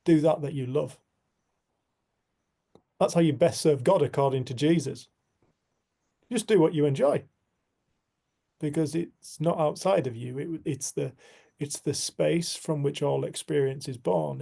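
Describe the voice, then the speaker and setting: A man's voice: on the high side, gravelly. A man giving an earnest, reflective spiritual talk to a community group, telling a personal story. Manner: earnest, storytelling, soft and slow at times.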